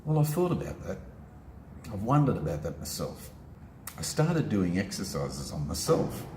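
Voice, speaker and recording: A man giving a motivational self-help talk, laying out steps with emphatic, animated delivery. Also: sits low, moderate pace, a little hiss or hum. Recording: echoey room with faint ambience.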